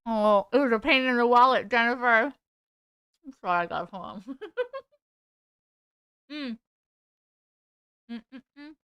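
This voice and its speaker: A woman hosts a casual live stream from home and chats easily with her viewers, reading their comments aloud and thanking them as she goes. Her voice sits a little high and sounds smooth and clear. The sound is close and dry. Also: measured pace, long pauses, fairly bright tone, no echo, lo-fi sound. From United Kingdom. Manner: chatty, reads out and answers viewer comments.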